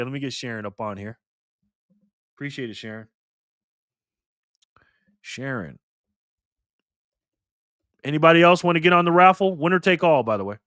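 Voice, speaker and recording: Guy hosting a live stream, kinda high voice bouncing all over, slangy and joking, dry close sound. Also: a bit bright, no room sound. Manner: slangy, playful, chatty with viewers. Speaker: livestream host reading donations. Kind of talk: casual livestream chat.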